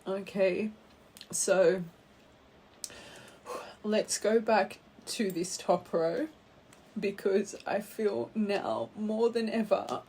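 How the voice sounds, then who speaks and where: Slow, husky-voiced woman reading tarot. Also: mid-range voice. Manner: gentle, heartfelt, calls listeners "my angels". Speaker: tarot reader. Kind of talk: tarot card reading to viewers.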